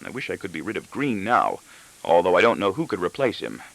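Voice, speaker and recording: A man reading a first-person novel aloud as audiobook narration, expressive and even-paced. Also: low voice, a little fast, vocal fry, low-quality recording. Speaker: audiobook reader.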